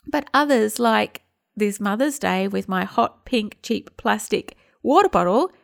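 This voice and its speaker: Chatty woman host with a gravelly edge. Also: mid-range voice, lively intonation, measured pace. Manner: chatty, acts out quoted dialogue. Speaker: podcast host and home detox teacher. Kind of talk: casual personal storytelling.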